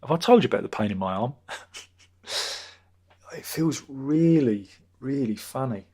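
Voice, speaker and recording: A man's voice: mid-range voice, expressive, a little slow, warm tone, husky. A man in his fifties hosting a casual live stream, rambling through viewer comments with crude jokes and lots of repetition. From Britain. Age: 50s. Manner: rambling, jokey, crude asides, many repetitions. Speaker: livestream host.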